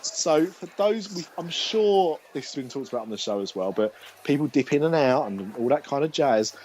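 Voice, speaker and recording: A man's voice: mid-range voice, animated, normal speed, a little mellow, slight background noise, poor audio. A man hosting a podcast in casual chat, rambling with restarts and jokes. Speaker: podcast host.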